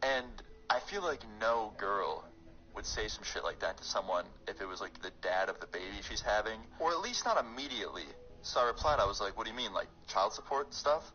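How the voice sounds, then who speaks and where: A man's voice: on the low side, a little fast, dull audio. Rambling young man telling a story. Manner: rambling, filler-heavy, excitable. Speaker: YouTuber storyteller. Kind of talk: casual storytime vlog.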